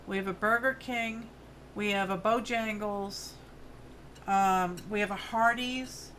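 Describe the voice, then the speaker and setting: Her mid-range voice stays steady and she takes things slowly, with a noisy background behind her. She's in her fifties, has a New York accent, and hosts a craft livestream from a farm home studio, chatting casually and rambling with friendly asides to viewers while she works.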